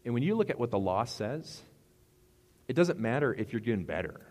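A man's voice: medium pitch, big pitch swings, normal speed, a little mellow, big-room sound. A middle-aged man preaching a sermon as pastor, rambling and conversational with asides.

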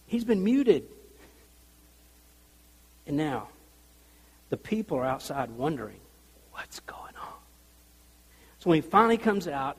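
A male pastor preaching a sermon, telling the story in an animated way and acting out the people in it. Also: sits high, husky, long reverb tail.

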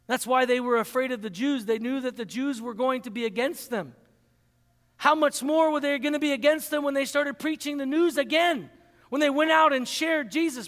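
Male pastor, sermon, high-pitched, hall reverb, emphatic repetition. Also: fairly bright tone. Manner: emphatic, repeating key phrases for stress. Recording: long reverb in a large hall.

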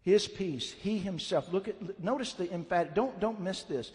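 A man's voice: sits high, moderate pace, darkish tone. A man preaching a sermon as pastor, blunt and emphatic, his fervor rising as he drives points home. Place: church sanctuary. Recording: long hall reverb.

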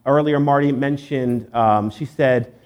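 A man's voice: mid-range voice, a little slow. A man giving a sermon in church, conversational and joking, with many fillers. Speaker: pastor.

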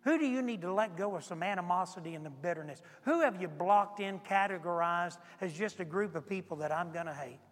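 A high-voiced man preaching as pastor, swinging from fervent near-shouts down to hushed, earnest lines. His voice rings out through the long reverb of a large church hall. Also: a little fast, hardly any pauses. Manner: impassioned, rising to near-shouts then dropping low. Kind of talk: sermon. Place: church sanctuary.

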